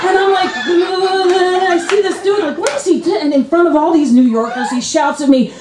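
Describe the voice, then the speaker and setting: A female comic performs a stand-up set in a club, voicing the people in her stories through dramatic pitch jumps in an animated delivery. Her pace is fairly quick, and the audio is echoey with a noisy background.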